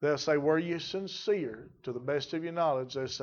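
A man preaching a sermon, slowing down to stress scripture and repeating key phrases for emphasis. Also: a little high, darkish tone, dull audio.

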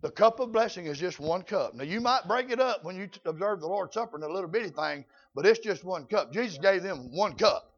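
An older man preaching a folksy sermon, often shouting out his points. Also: sits high, expressive, brisk, hardly any pauses, breathy edge, lo-fi sound.

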